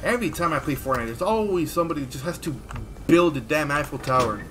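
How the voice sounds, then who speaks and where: A man giving live commentary as he plays a video game, jumpy and excitable, full of exclamations. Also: on the high side, fast, noisy background. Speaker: gaming streamer.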